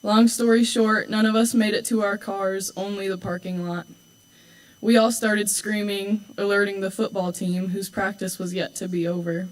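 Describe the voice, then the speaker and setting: A woman's voice: mid-range voice, little pitch movement, normal speed, rough recording. Teenage girl giving a teasing school speech. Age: late teens. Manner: warm, teasing, with dry asides. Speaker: homecoming court candidate.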